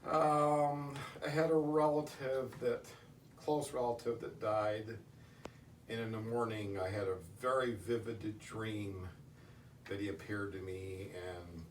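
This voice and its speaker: A middle-aged man answering interview questions, telling stories in a halting way with many restarts. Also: lowish voice, fairly even intonation. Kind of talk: casual storytelling in an interview. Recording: distant roomy recording with faint noise.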